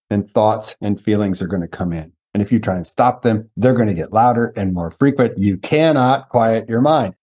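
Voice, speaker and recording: A man hosting a conversational podcast. His voice has a husky, breathy edge, and he tells anecdotes with lively emphasis, slowing down on key points. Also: mid-range voice. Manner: animated storyteller, slows down for emphasis. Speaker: podcast host. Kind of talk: conversational interview.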